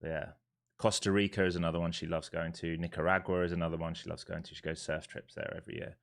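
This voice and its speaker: A laid-back man with a London accent talks loosely on a live trading stream. His voice sits very low and deep. He speaks bluntly and chattily, with the odd swear word. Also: flat delivery, fast talker, vocal fry. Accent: London English. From London, England. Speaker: live-streaming day trader. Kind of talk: casual live-stream chat and market commentary.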